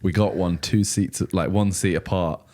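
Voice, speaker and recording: A man's voice: low voice, steady tone, moderate pace, a little mellow. A man co-hosting a casual podcast, making dry, teasing remarks. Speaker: podcast co-host. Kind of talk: casual chat.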